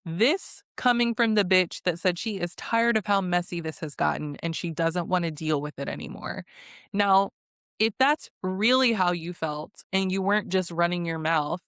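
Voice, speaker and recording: A woman's voice: on the low side, a bit bright, smooth, no echo, clean studio sound. A woman giving a casual reality TV recap in a blunt, sassy, profane way, often laughing.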